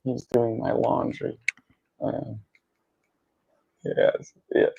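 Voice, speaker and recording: A man playing a gruff, grumbling, profane character in a comedy sketch clip. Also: medium pitch, flat delivery, extremely slow, narrow, tinny audio, a little hiss or hum, exaggerated voice.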